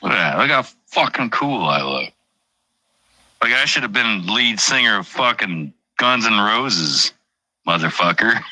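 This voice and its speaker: Low, sharp-edged profane man rambling. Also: lively intonation, normal speed, no echo, rough recording. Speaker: truck driver streamer. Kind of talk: casual livestream chat.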